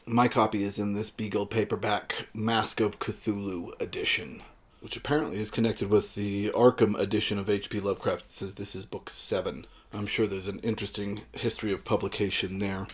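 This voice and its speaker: A man's voice: fairly low pitch, fairly quick, breathy edge. A man giving a casual, rambling book talk with frequent fillers. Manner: relaxed, rambling with frequent uhs. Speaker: book reviewer.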